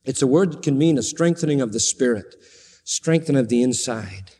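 A man preaching an expository sermon, emphatic, rising to high sarcastic tones when he quotes. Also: expressive, fairly quick, warm tone, breathy edge. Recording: long hall reverb.

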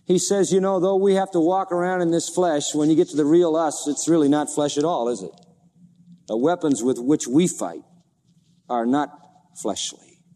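A man's voice: a little high, normal speed, mellow, in a large hall. A man preaching a sermon, asking the congregation rhetorical questions and reading scripture aloud with dramatic emphasis. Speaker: pastor.

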